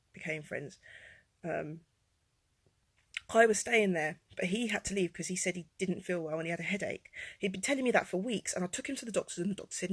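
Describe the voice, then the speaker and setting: Woman vlogger, gravelly husky tone, rambling personal story, dry close sound. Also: no room sound. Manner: rambling, with many fillers and restarts; swings from low and quiet to loud and high-pitched. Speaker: vlogger telling her life story.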